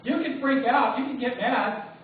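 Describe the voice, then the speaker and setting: A man preaching and telling a personal testimony at a church service, emphatic and rising to near shouts. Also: very high-pitched, moderate pace, heavy reverb. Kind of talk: sermon testimony. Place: church sanctuary. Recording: tinny distant church recording.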